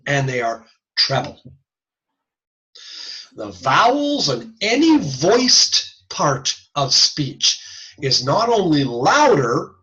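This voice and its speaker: Animated man giving a slow lecture. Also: fairly high pitch, dull audio. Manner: animated, demonstrates sounds aloud, casual asides. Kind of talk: recorded video lecture.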